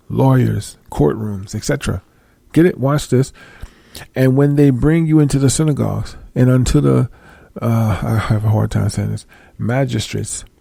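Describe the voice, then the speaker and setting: A man's voice: mid-range voice, creaky, warm tone, breathy edge, dry recording. A middle-aged man giving a casual sermon, reading scripture aloud and checking with listeners for agreement. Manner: conversational, asks listeners for agreement. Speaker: preacher.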